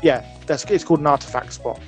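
A man with a somewhat high voice hosts a relaxed co-op game session. He chats and jokes, narrating each step he takes. Soft game music plays behind him. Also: fast talker. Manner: chatty, jokey, narrates his moves. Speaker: let's play host. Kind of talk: casual co-op gaming chat.

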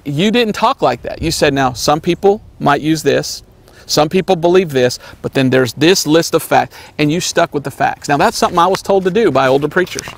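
A man preaching an earnest sermon, repeating his points and sometimes mocking name-callers in a high voice. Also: animated, moderate pace, gravelly. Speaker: evangelist preacher.

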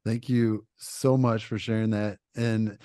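A man's voice: fairly low pitch, little pitch movement, takes it slowly, mellow, no room sound, studio quality. A man hosting a video call meeting, thanking a guest in an appreciative, encouraging way. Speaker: meeting host.

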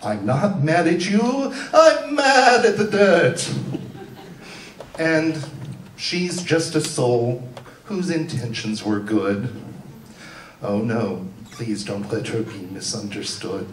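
A fairly low-pitched man speaks slowly as he plays an aging woman film starlet in a live comic a cappella performance on a theater stage. Haughty, indignant and preoccupied with cleanliness, she defends herself in theatrical rhyming lines, recorded from afar in a roomy space with slight hiss or hum.

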